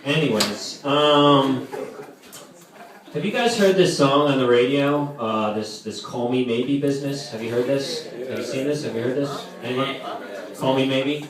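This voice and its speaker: A man's voice: medium pitch, unhurried, a crowd in the background. Brief: young male stand-up comic, rambling filler-heavy delivery, heard far off in a very echoey hall. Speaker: camp counselor doing stand-up. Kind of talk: live stand-up comedy. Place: camp hall with live audience. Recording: echoey distant room with noise.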